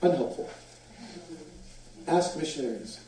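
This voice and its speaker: A man preaching a sermon, telling stories with lively, acted-out quotes. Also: on the high side, measured pace. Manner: animated storyteller, acts out quotes. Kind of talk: sermon storytelling. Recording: echoey hall from far off.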